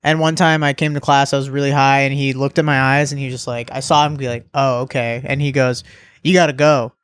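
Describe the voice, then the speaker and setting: A man's voice: mid-range voice, little pitch movement, a little fast, fairly bright tone, smooth. Laid-back man in his thirties telling stories. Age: 30s. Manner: laid-back storytelling, swearing, acting out quotes. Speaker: podcast guest. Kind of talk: casual chat.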